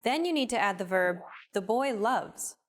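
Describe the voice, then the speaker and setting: A woman narrating a scripted language lesson in a clear, upbeat, explaining manner. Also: medium pitch, animated, moderate pace.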